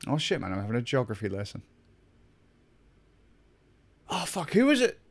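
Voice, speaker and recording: A man's voice: medium pitch, huge pitch swings, normal speed. A young man chatting casually with his stream viewers, rambling, swearing a lot and laughing often. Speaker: gaming streamer.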